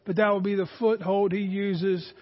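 A man's voice: sits high, little pitch movement, moderate pace. Man, pastor preaching a sermon, earnest, long echoing hall reverb, dull lo-fi sound. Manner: earnest preaching, addresses the congregation as folks.

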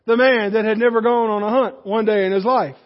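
Guy preaching, folksy animated story, muffled sound, long echo in the hall. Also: high-pitched, a little fast. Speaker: pastor. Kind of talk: sermon storytelling.

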